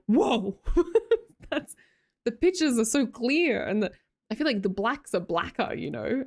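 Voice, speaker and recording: A young Australian woman live streaming, chatting casually with her viewers and reading their messages aloud. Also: medium pitch. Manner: chatty, laughs often, reads chat aloud.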